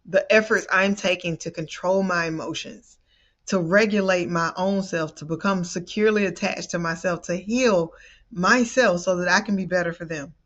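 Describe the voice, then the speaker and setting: A woman parenting coach telling a personal story to the camera in an animated, expressive way. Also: on the low side, normal speed, highs cut off.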